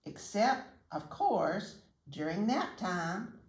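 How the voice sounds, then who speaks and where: An older woman voicing a chirpy, eager little female yellow bird who wants to be a teacher, in high, excited, sing-song tones. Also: takes it slowly. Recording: roomy echo.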